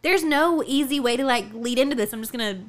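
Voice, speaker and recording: Young woman, casual podcast chat, high-pitched, laughs often. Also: fast talker. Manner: chatty, rambling, laughs often. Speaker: podcast co-host.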